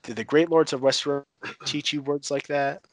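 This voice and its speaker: A man's voice: fairly high pitch, steady tone, slight background noise, pitched above the performer's own voice, natural voice. A man voicing a brash, mocking older pirate uncle while retelling a TV scene. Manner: taunting, crude, unhurried.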